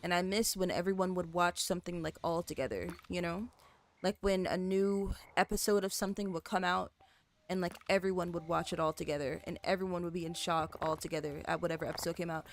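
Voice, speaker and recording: Her voice is lowish and steady, a little fast, and there's slight hiss or hum in the background. A young woman streaming a building game, she rambles casually and apologetically to viewers, saying "like" and "you know" constantly.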